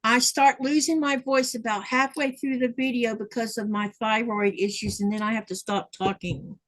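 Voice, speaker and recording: Chatty higher-voiced woman livestreaming. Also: fairly even intonation, normal speed, rough recording. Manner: chatty, reads viewer comments aloud. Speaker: livestream host. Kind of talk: casual chat while sewing.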